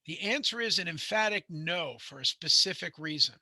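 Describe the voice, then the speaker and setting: A man's voice: fairly high pitch, expressive, moderate pace, sharp tone, dry recording. A middle-aged man, teaching a home inspection class in a rambling, conversational way, full of fillers and restarts. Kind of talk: classroom lecture with anecdotes.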